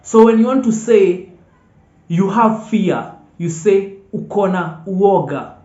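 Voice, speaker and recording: A language teacher calmly repeating each vocabulary word several times and checking in with "okay?" as they go. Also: medium pitch, slow. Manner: patient, drills words aloud and checks in with "okay?". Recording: echoey room, dull lo-fi sound.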